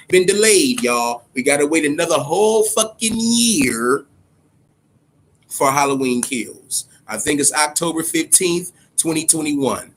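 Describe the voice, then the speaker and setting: A man's voice: on the high side, fairly bright tone, slight background noise. A man hosting a casual boxing livestream, talking loosely and profanely and greeting viewers in the chat by name. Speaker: boxing podcast host.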